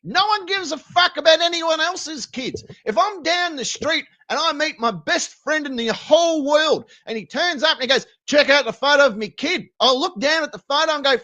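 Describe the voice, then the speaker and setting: A man with an Australian accent, streaming and ranting crudely, swinging between loud outbursts and low mumbles. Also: normal speed, hardly any pauses. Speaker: streamer reacting to videos. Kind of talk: crude comedic rant.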